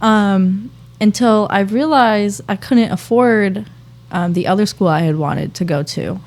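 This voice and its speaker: A woman in her twenties from the Boston area, a podcast guest talking casually and softly, with lots of fillers like "um" and "like". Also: medium pitch, unhurried. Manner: soft-spoken, relaxed, lots of "like" and "um". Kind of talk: casual interview chat.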